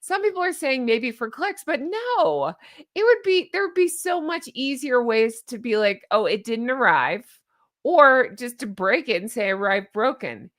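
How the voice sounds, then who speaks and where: A woman's voice: high-pitched, expressive, moderate pace. A woman hosting a casual commentary vlog, chatty and amused, laughing often and tossing in rhetorical questions and asides. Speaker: YouTube commentary host.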